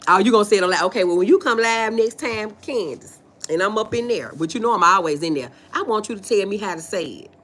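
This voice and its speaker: A woman's voice: mid-range voice, fast talker, slight background noise. A woman with a Southern US accent hosting a casual livestream, reading viewers' comments aloud and answering them in a folksy, playful way with frequent laughter. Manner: animated, folksy, reads chat aloud and answers, laughs often. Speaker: livestream host.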